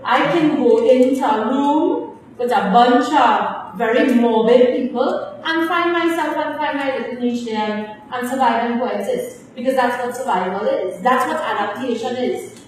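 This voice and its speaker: Stern Trinidadian woman teacher, echoey room. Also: fairly high pitch. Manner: stern, scolding, ends points with tag questions. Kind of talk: lecturing a class. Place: classroom. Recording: echoey room, distant, faint hiss.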